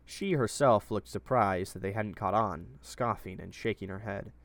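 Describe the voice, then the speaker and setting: A man reading his own fantasy story aloud in steady, plain narration. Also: fairly low pitch, moderate pace, no echo.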